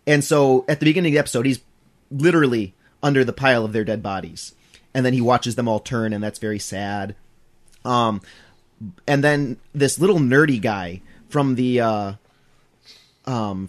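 A man's voice: mid-range voice, normal speed. A man in casual chat, animatedly recounting a story and acting out the characters. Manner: animated retelling, acts out characters.

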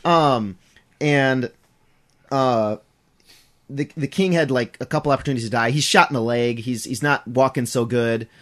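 A man's voice: medium pitch, normal speed. A man in casual chat, animatedly recounting a story and acting out the characters. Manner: animated retelling, acts out characters.

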